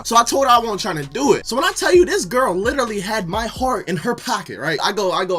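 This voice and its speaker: A young man telling a comedic storytime monologue, slangy and animated, jumping into loud mock outrage. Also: sits high, fairly quick, hardly any pauses, soft background music. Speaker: storytime vlogger.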